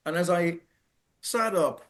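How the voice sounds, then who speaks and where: A middle-aged Irish man telling a personal story in an earnest, halting way, restarting and repeating phrases for emphasis. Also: sits high, a bit bright. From Ireland. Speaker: speaker telling his own story.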